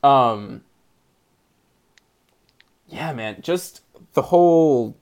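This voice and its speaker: A young man co-hosting a casual movie podcast, excited and rambling, laughing often. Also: mid-range voice, very slow. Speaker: podcast co-host.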